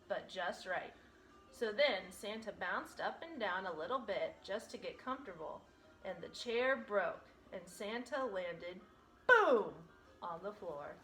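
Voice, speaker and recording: Teacher lady reading a storybook out loud, lively ups and downs, bright voice, echoey room w/ faint music. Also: mid-range voice. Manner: expressive, animated storytelling. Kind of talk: reading a picture book aloud.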